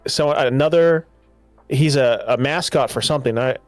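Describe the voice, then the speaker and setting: A man co-hosting a casual podcast, retelling a movie in an animated, rambling way. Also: medium pitch, moderate pace, no room sound, faint music behind. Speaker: podcast co-host. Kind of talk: casual movie review chat.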